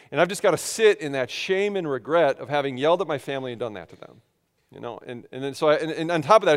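A man in his thirties preaching a sermon in a conversational, self-deprecating storytelling way, stumbling over restarts as he talks. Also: on the high side. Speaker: pastor. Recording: long hall reverb.

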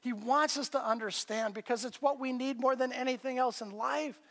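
A man with a high-pitched voice preaching a casual, storytelling sermon. He slips in and out of little voices for the people in the passage. His voice rings with the long reverb of a church sanctuary. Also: fairly even intonation, moderate pace, fairly bright tone. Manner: conversational preaching, acts out scripture dialogue in varied voices. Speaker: pastor.

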